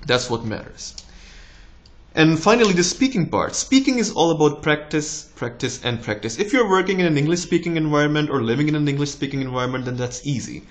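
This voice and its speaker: A young man in his twenties with a slight American tinge, a doctor giving relaxed, encouraging exam tips in a casual vlog. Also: a little fast. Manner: relaxed, encouraging, with lively rises in pitch.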